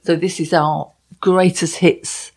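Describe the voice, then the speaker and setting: A woman co-hosting a podcast in relaxed chat, mixing jokes with serious moments. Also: on the low side, takes it slowly, breathy edge. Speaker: podcast co-host. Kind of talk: casual chat.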